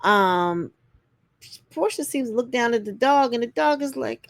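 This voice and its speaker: A woman's voice: a little slow, creaky, dry recording, clean studio sound. A woman hosting a casual reality TV recap, sassy and direct with viewers, acting out quotes in a put-on voice. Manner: sassy, talks straight to viewers, acts out quotes with pitch jumps.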